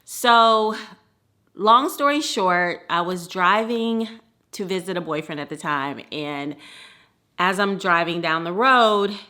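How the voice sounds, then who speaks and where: Woman from the Midwest, storyteller, bright and lively, laughs often. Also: lowish voice, takes it slowly. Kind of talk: personal storytelling.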